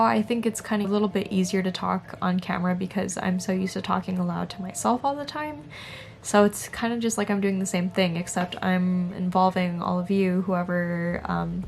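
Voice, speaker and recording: Soft-spoken young woman with a gravelly edge. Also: mid-range voice, slight background noise. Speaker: beauty vlogger. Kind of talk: casual nighttime chat to camera.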